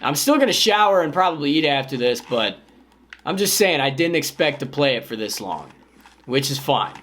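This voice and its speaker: A man in his thirties talking casually to camera in a vlog, rambling and self-mocking with sudden loud outbursts. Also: on the high side, big pitch swings, normal speed, a little hiss or hum. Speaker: vlogger.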